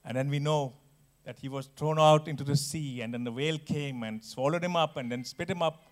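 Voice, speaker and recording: A man preaching a sermon, earnest and emphatic, with restarts and dramatic pauses. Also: a little high.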